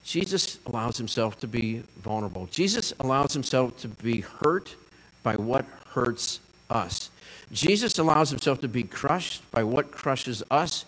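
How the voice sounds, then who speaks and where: A man's voice: mid-range voice, a bit bright, big-room sound, poor audio. A man preaching a sermon as pastor, earnest, asking the listeners questions and repeating lines for emphasis.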